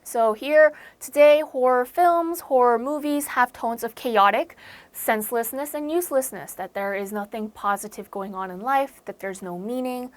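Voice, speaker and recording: A young woman with an American accent gives an online vocabulary lesson in a slightly high voice. She talks in a chatty, casual way, circling back to rephrase each definition and dropping fillers as she goes. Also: moderate pace, no room sound. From United States. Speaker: English vocabulary teacher.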